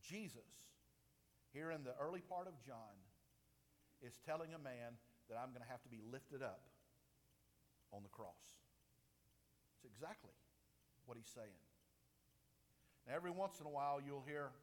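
A man preaching a sermon, emphatic, with his voice swinging from loud, high peaks to low, quiet drops. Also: expressive, moderate pace, pauses often. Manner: emphatic, rises and falls sharply in pitch and loudness. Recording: long reverb of a large hall.

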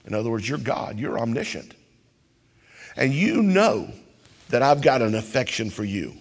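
A man preaching a sermon as pastor, building to loud, impassioned cries. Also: a little high, gravelly, long reverb tail.

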